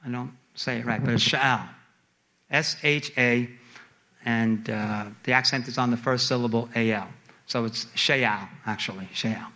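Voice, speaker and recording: A man preaching a sermon to a congregation, reading scripture and asking the room questions, swinging from emphatic pleas to quiet asides. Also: normal speed. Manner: animated, rising to emphatic high pleas then dropping low.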